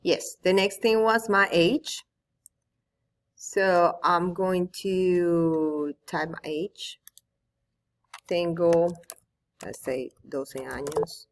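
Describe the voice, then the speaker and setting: Slow-talking teacher woman, low voice. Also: fairly even intonation. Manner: patient step-by-step explaining with small asides. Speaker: Spanish teacher. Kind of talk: screen-recorded tutorial.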